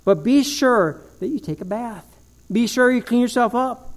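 A man's voice: very high voice, lively intonation, normal speed. A man voicing fussy, house-proud parents scolding a guest in a sermon story. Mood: fussing.

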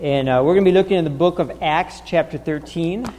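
A man preaching a sermon as pastor, talking haltingly with many restarts and fillers and pressing his points home with insistence. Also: fairly high pitch, a little mellow, big-room sound, slight background noise. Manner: grows emphatic and insistent. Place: church sanctuary.

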